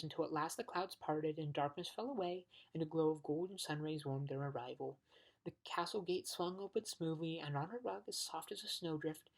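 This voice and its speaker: A woman narrates a storybook aloud in a low, husky voice. Now and then she trips over a word and starts it again. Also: a little mellow, poor audio. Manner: occasional stumbles and restarts. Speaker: audiobook reader.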